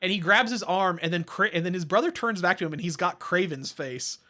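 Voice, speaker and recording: A podcast co-host rambles at length through a movie plot recap in casual chat, piling up fillers and restarts. His bright, slightly high voice stays chatty and moves a little fast.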